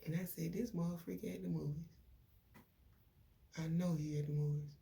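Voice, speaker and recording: A young woman, venting to her viewers in a casual, animated story full of quoted dialogue. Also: lowish voice, moderate pace, gravelly. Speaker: vlogger.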